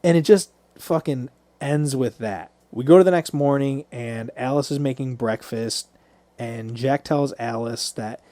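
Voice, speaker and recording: Mellow-voiced man recapping a movie. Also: mid-range voice, dry recording. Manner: loose, profane storytelling. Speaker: podcast co-host.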